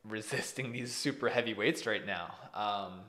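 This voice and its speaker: A male fitness coach on a casual podcast, talking in a lowish voice. He is animated and jokes at his own expense. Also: moderate pace. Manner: animated, self-deprecating.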